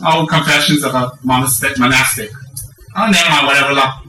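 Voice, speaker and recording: A middle-aged man giving a Dharma talk, candid and self-mocking, acting out lively stories. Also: medium pitch, a little fast, recorded from a distance, slight background noise. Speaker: Buddhist teacher. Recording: roomy echo from off-mic.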